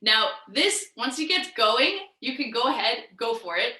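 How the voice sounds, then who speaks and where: A woman's voice: on the high side, animated, moderate pace, pushed and bright. A woman guiding a movement lesson in a playful way, laughing easily as she explains. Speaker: energy work teacher. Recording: echoey room.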